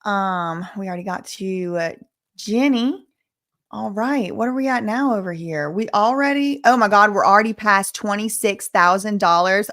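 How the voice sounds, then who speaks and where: A young woman hosting a casual livestream, reading out donations in an excitable, gushing way and swinging between chatty and emotional. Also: medium pitch, normal speed. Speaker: livestream host.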